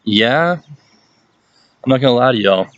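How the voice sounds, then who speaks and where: A man's voice: expressive, unhurried, fairly bright tone, highs cut off. A man with a Southern Mississippi accent chats playfully in a casual vlog, sounding like the youth pastor he is. His voice sits in an ordinary middle register. The sound is dry and close, with no room echo. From Hattiesburg, Mississippi, USA. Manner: chatty and playful, jumps into exaggerated high-pitched voices when quoting people. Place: at home, with his dog nearby.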